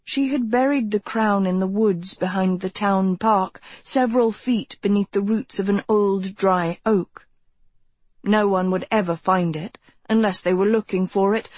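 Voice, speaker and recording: A woman reads a novel aloud, slowly and evenly, with a husky edge to her voice. She sounds close and dry, as if in a small treated booth. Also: medium pitch, steady tone, darkish tone, no room sound. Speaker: audiobook narrator. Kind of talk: scripted audiobook narration.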